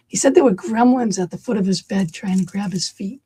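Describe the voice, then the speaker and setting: A middle-aged woman, a podcast host, telling a personal story in an animated, chatty way and laughing along. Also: medium pitch, brisk, husky. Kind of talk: casual podcast conversation.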